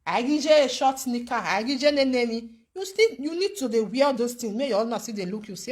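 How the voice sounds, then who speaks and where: A young adult woman with a Nigerian accent, giving animated, preachy advice to her viewers and often stopping to ask "eh?". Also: a little high, fairly quick, few pauses. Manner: animated and preachy, with frequent rhetorical "eh?". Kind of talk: casual commentary to viewers.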